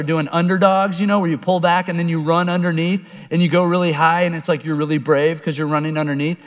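A man from Oklahoma telling a personal story as a sermon, animated and acting out voices, then dropping low and quiet for serious points. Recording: long reverb of a large hall.

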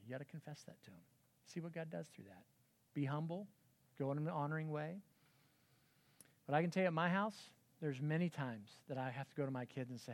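A man's voice: mid-range voice, brisk, darkish tone. A middle-aged man giving an earnest, conversational church talk to parents, often acting out quoted dialogue. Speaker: pastor.

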